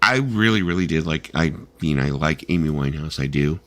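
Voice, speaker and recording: A man's voice: rumbling low, lively intonation, brisk, a bit bright. A man hosting a casual livestream chat about albums, enthusiastic and emphatic, repeating himself and swearing casually. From California. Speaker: livestream host. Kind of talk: casual group chat reacting to an album list.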